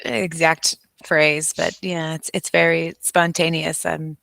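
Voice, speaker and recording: A woman host with a low, gravelly voice, chatting casually on a podcast. She asks easy questions and affirms a lot, with dry, close sound. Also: little pitch movement, slow, no room sound. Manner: warm agreeing, many affirmations.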